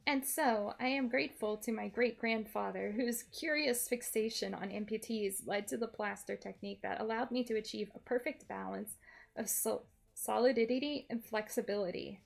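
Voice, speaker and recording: A woman's voice: on the high side, normal speed, creaky. A woman voicing a pompous, grandiose small male villain while reading a game aloud. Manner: pompous, theatrical.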